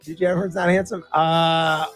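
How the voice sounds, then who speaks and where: A man's voice: a little high, flat delivery, normal speed, faint music behind. A man co-hosting a sports radio show, bantering playfully and trailing off into mumbles.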